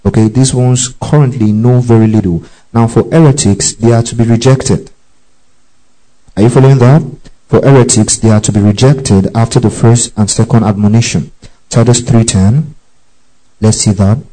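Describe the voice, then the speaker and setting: Dark-voiced male preacher teaching scripture. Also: medium pitch, steady tone, normal speed, poor audio. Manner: checks in with listeners often; spells out and repeats key phrases. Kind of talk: Bible teaching.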